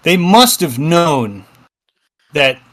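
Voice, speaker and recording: A man's voice: fairly high pitch, big pitch swings, extremely slow, fairly bright tone. A man co-hosting a casual gaming podcast, rambling with lots of fillers and the odd swear. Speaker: podcast co-host.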